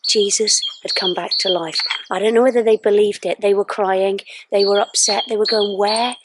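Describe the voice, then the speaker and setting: A woman telling a story to schoolchildren outdoors at sunrise. She speaks in an animated way and drops to hushed tones at dramatic moments, recorded on a handheld phone. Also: medium pitch, moderate pace, background noise. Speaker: school assembly presenter. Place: outdoors on a hill at sunrise with a dog. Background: birdsong.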